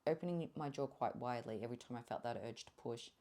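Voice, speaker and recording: A young woman telling her birth story as a podcast guest, candid and animated, swearing freely and often laughing. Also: rumbling low, quick pace. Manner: animated, swears freely, laughs often, drops to a whisper when quoting herself.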